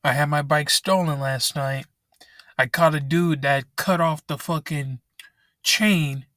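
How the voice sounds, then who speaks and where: A man's voice: on the high side, fairly even intonation, takes it slowly, pushed and bright, dry recording, studio quality. A young man angrily venting and swearing in a rant vlog, recorded in his parked car on a laptop microphone. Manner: angry, frustrated, swearing often. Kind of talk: ranting vent vlog.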